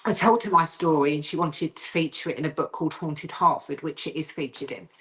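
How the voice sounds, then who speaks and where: A woman guest telling a haunting story on a video call, acting out the voices she quotes and going high and tense as the fright builds. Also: a little fast. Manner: lively storyteller who acts out quoted voices, rising high when frightened. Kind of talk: animated storytelling interview.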